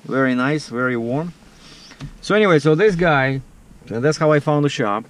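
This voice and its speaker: A man's voice: on the high side, animated, moderate pace. A man vlogging casually outdoors, telling a story to the camera in a chatty, filler-heavy way. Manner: chatty, filler-heavy, acts out the other people's lines in dialogue.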